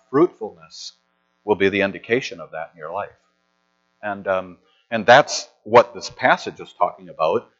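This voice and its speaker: A man's voice: fairly low pitch, fairly bright tone. A middle-aged man preaching a sermon in a conversational, storytelling way with frequent restarts. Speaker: pastor. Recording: slightly dull lo-fi sound.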